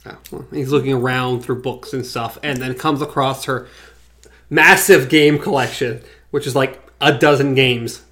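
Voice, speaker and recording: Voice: medium pitch, fairly even intonation, moderate pace, fairly bright tone. A co-host in casual chat, wry and teasing, laughing often while recapping a show. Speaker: podcast co-host.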